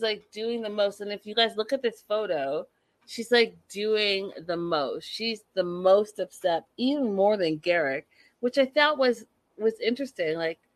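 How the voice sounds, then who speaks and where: A woman's voice: medium pitch, no echo. A woman chatting casually and sassily to her viewers as she recaps a reality show episode. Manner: chatty, sassy, talks to viewers.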